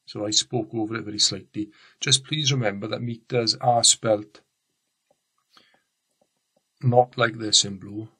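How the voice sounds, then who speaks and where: A Welsh man teaches a recorded science lesson with a bright, forward voice. He talks in a chatty, rambling way, breaking off and restarting his sentences as he goes. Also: on the low side, fairly even intonation, unhurried, pauses often, breathy edge. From Wales. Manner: chatty, rambling, self-correcting.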